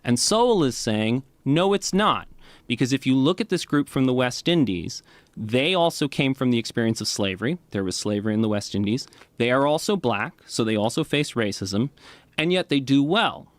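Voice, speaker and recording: A man's voice: mid-range voice, lively intonation, fairly quick, no echo. A man explaining at length as a podcast guest, lecturing with many "right?" and "you know" asides.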